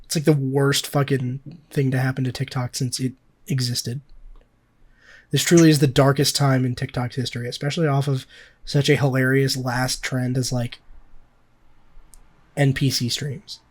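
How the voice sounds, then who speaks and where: A young man co-hosting a podcast talks in a medium-pitched voice with little pitch movement, at a moderate pace and with frequent pauses. He rambles through casual chat, swearing and leaning heavily on fillers.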